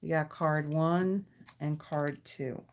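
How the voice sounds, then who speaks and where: Talking while she tidies up her desk, a woman hosting a live card-making stream from her home craft studio thanks viewers by name and walks them through her table. Her voice sits low and has a steady, darkish tone, and she speaks slowly.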